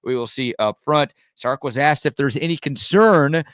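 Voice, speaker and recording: A man's voice: medium pitch, moderate pace, a bit bright, clear, resonant tone, no room sound. A man hosting a sports radio show, teasing his co-host dryly and leading into segments. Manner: dry teasing, steers the segments. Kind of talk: casual chat and show hosting.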